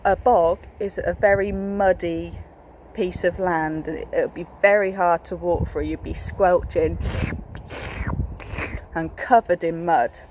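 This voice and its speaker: A woman's voice: on the low side, a little mellow, a little hiss or hum, rough recording. A young woman teacher reading a picture book aloud to a class, encouraging and asking the children questions.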